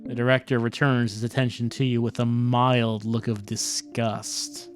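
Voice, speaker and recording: A game streamer reading the on-screen text aloud and chiming in playfully. The delivery is slow and unhurried. Soft game music plays faintly behind the voice. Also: medium pitch, steady tone.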